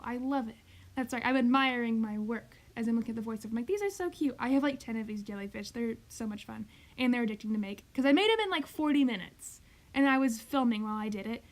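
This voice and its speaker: A young woman doing a rambling, chatty voiceover for a crochet tutorial, full of "like" and "um". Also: on the high side. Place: home craft recording, voiceover.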